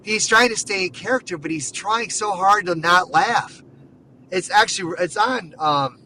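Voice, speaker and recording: Excited high-voiced man chatting sports. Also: distant mic, slight background noise, rough recording. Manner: excited, rambling, lots of "dude" and "like". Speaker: podcast host. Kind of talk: casual sports chat.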